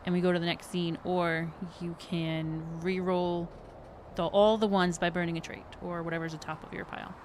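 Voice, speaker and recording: A woman's voice: on the low side, level tone, moderate pace, darkish tone, slight background noise. A woman running a tabletop game as game master, patiently explaining the rules and laughing often.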